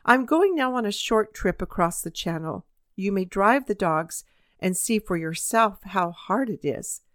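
A woman's voice: medium pitch, animated, measured pace, dry recording, studio quality, close to an everyday voice. A woman reading as a kindly country doctor. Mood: gentle. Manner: gentle, reasoning, lightly teasing. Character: kindly, patient adult male country doctor. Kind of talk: storybook reading.

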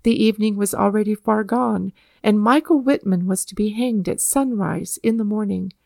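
A woman narrating a historical storybook in a calm, measured reading voice. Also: medium pitch, gravelly, no room sound.

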